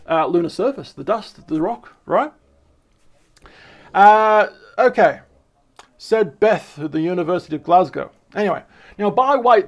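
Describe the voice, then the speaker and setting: A man, giving casual, excitable commentary as he reads articles aloud, often restarting and repeating words. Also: high-pitched. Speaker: channel host.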